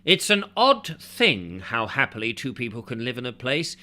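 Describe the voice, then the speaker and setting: Male host-reader, bright, chatty narration with asides at a desk mic. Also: mid-range voice, moderate pace. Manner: chatty, breaks off to comment, animated in the read passages. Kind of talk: reading a travel book aloud with asides. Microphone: desk mic with keyboard nearby.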